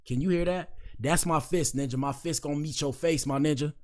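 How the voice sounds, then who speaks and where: A man's voice: fairly high pitch, fairly quick. Laid-back young man hosting casual commentary. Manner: laid-back, repetitive slang, says "bro" a lot. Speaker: commentary show host.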